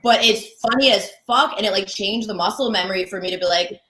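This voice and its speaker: Young woman from Connecticut, comic guest, bright tone, chatty storyteller, roomy echo. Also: medium pitch, fairly quick, hardly any pauses. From Connecticut, USA. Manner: chatty, peppered with "like", acts out quoted lines. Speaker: guest comedian. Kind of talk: candid storytelling interview.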